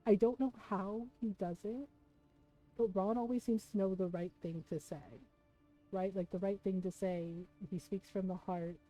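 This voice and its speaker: A woman's voice: mid-range voice, fairly even intonation, normal speed, warm tone, highs cut off, faint music behind. A woman streamer chatting casually, telling a personal story to her viewers and often checking in with "right?". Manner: chatty, keeps asking "right?". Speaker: live streamer.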